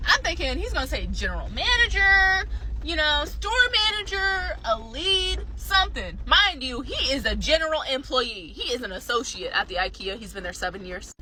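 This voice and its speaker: A high-voiced woman recounts a date with sassy, self-mocking flair, her pitch swinging widely. Clear background noise runs under her voice. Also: normal speed. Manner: sassy, animated, self-mocking about her dating life. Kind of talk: casual storytelling to camera.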